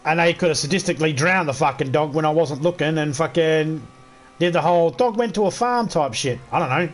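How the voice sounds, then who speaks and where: A man's voice: on the high side, brisk. A man with an Australian accent hosting a gaming livestream, telling stories in a crude, swearing, joking way. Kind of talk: casual storytelling chat.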